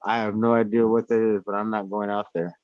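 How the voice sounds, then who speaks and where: A man in casual chat, talking at home in a rambling, profane, animated way. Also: lowish voice, fairly quick, smooth, no room sound. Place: indoors at home. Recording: dull lo-fi sound.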